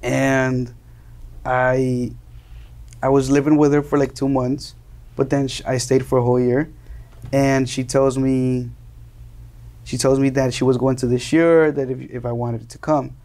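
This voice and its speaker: A young man from Colombia speaks with a gravelly edge and a mellow, darker tone. He talks earnestly and often circles back over his words, restarting phrases while he finds what he wants to say. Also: mid-range voice, level tone, measured pace, long pauses. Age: young adult. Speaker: interview guest. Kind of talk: earnest conversational storytelling.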